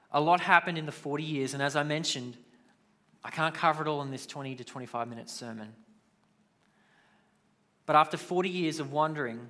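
A man's voice: fairly high pitch, pushed and bright. A man preaching a sermon in a conversational way, with casual asides. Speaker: pastor.

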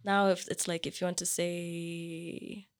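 A woman's voice: lowish voice, takes it slowly. Chatty young woman, laughing often. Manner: laughing often, animated, imitates reactions. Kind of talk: casual chat.

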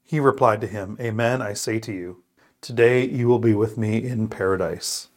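A man with a somewhat low voice who prays, reads scripture and reflects in an earnest, thoughtful way. He talks with pauses and restarts as he works through his thoughts. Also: a little hiss or hum. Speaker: co-host of a scripture podcast. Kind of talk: prayer, scripture reading and casual reflection.

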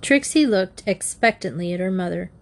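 A woman's voice: animated, normal speed. A woman reading a children's story aloud as narrator. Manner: reads the story aloud, lifting her pitch for the children's lines.

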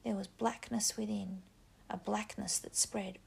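Woman narrating in a gravelly whisper. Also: medium pitch, little pitch movement. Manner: hushed, measured storytelling. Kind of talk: whispered reading.

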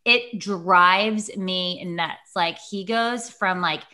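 A woman's voice: on the low side, extremely slow. A young woman co-hosting a podcast, telling a dramatic story in a casual way and saying "like" a lot. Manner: dramatic, animated storytelling with frequent "like". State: pregnant. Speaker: podcast co-host. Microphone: remote call mic.

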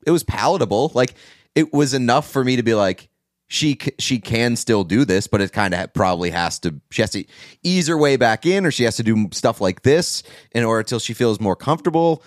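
A man's voice: medium pitch, expressive, fairly quick, no room sound, studio quality. A man co-hosting a podcast, chatting casually about movies, hesitant with fillers and restarts. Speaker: podcast co-host.

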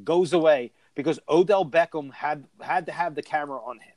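The man talks in a casual, animated way about sports, full of opinions, and his voice sits fairly high. He is recorded close and dry, with no room sound. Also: brisk, no echo. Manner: animated, opinionated, laughs often. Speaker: podcast host. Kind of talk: casual sports podcast chat.

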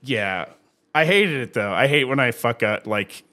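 A man's voice: medium pitch, animated, a little slow, bright, forceful tone. A man co-hosting a casual podcast, telling a story animatedly, swearing freely, acting out quotes and laughing often. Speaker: podcast co-host. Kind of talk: casual chat.

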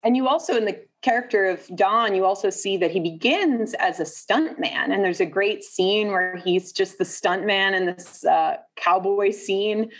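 A woman's voice: medium pitch, moderate pace, hardly any pauses. A woman hosting a casual film discussion, leading with thoughtful questions and frequent filler sounds. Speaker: podcast host.

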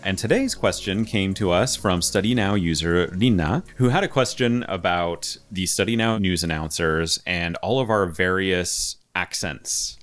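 A man's voice: sits low, measured pace, few pauses, fairly bright tone, faint music behind. An American man hosting a podcast in casual chat, asking questions in a friendly way and laughing easily. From United States. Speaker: podcast host.

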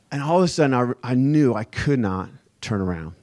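A male pastor preaching a sermon as a relaxed, conversational personal story. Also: medium pitch, brisk, few pauses. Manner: casual, conversational storytelling with fillers.

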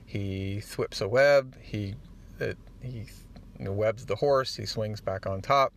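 A man hosting a podcast, retelling a comic book in a casual, animated way and getting choked up at the moving parts. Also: on the low side, slow pace, creaky, slight background noise. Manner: animated storyteller, acts out the dialogue; easily moved, gets choked up. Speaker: podcast host.

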